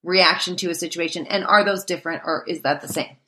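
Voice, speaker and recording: A woman's voice: on the low side, fairly even intonation, fast, sharp tone. A woman in casual conversation, thinking aloud about her feelings with lots of fillers. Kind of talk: casual chat.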